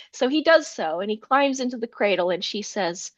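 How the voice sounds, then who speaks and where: A woman's voice: medium pitch, animated, unhurried, no room sound, dull audio. A woman scholar, a guest in an interview, retelling a folk tale with animation and acting out the characters' lines. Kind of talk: storytelling in an interview.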